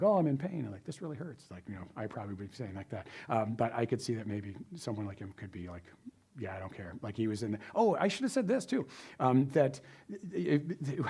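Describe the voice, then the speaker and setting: A man's voice: medium pitch, a little mellow. A man answering audience questions after a philosophy talk, casual and self-deprecating, often acting out quoted voices. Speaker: guest speaker, philosophy teacher. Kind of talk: lecture Q&A, casual and animated.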